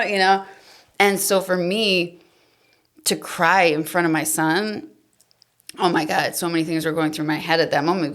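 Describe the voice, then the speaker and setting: A woman in her thirties, a podcast guest, candidly telling an emotional personal story, often dropping to a soft, trailing voice. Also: low-pitched. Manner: emotional, confessional, trails off softly.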